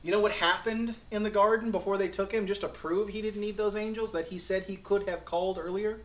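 Speaking a little fast in a steady tone, a man preaches a sermon in an echoey hall with a slightly high voice. He's earnest and folksy, moving between quiet reflective moments and emphatic, insistent ones.

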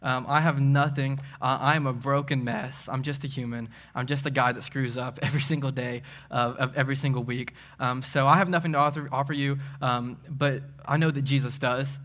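Excitable young preacher, bright voice. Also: male voice, mid-range voice. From Tennessee. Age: young adult. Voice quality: speech impediment. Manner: excitable, fast, self-deprecating. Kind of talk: casual sermon with jokes.

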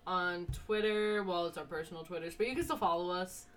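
A woman's voice: on the low side, fairly quick. A young woman co-hosting a casual, unscripted podcast, chatty and rambling, laughing often and talking through the hiccups. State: has the hiccups. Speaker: podcast co-host.

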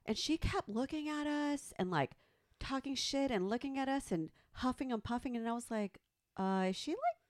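A woman in her thirties telling a story in casual chat, animated and profane, acting out the quotes. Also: high-pitched, moderate pace, no room sound, studio quality. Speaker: podcast co-host.

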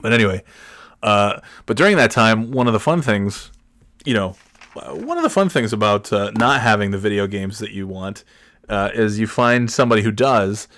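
A man with a fairly low voice tells a casual, swear-laden story with animated energy. He acts out what people said, sometimes jumping way up in pitch. The sound is dry and close, with no room echo. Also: normal speed. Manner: animated, swears freely, acts out quotes with big shouts.

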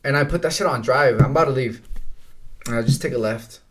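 A man's voice: mid-range voice, a little fast. Young man telling stories, swearing, saying "bro". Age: young adult. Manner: laid-back, swears a lot, says "bro" constantly, laughs through his stories. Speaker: podcast co-host. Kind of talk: casual storytelling chat.

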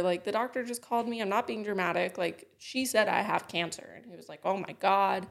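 A woman's voice: medium pitch, fairly even intonation, brisk, vocal fry, few pauses. Woman podcast cohost, blunt and sweary, just chatting. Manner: blunt storytelling, frequent swearing. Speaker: podcast co-host. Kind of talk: casual chat.

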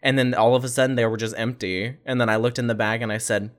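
A man's voice: mid-range voice, flat delivery, fast. A man hosting a casual podcast, telling stories loosely and laughing as he goes. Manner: laid-back, laughing storyteller. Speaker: podcast host. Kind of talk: casual chat.

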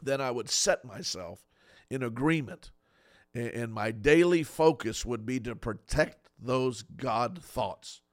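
A man's voice: mid-range voice, lively intonation, slow, no room sound, clean studio sound. A man preaching as a pastor, earnest and pleading, stacking up short repeated phrases. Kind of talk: sermon.

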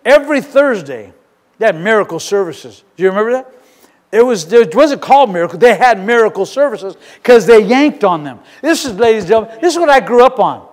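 A male pastor with a high, very animated voice preaches fast in a church sanctuary, fervent and emphatic, frequently repeating and restarting his phrases. The recording carries the long reverb of a large hall.

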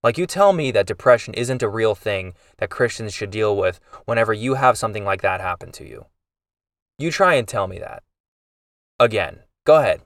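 A man's voice: on the low side, lively intonation, normal speed, dry recording, clean studio sound, recorded from a distance. A man hosting a podcast, telling an emotional family story in a rambling, casual way with many restarts. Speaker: podcast host.

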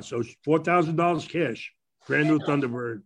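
A man's voice: fairly high pitch, normal speed. An older man with a Brooklyn accent telling rambling stories about his past, laughing at his own tales. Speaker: former ballplayer telling stories. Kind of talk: casual storytelling on a panel.

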